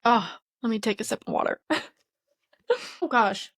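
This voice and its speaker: A woman's voice: on the high side, measured pace, fairly bright tone. A woman hosting a podcast, giving a casual spiritual wellness lesson mixed with personal stories, in an earnest and open conversational way. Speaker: podcast host.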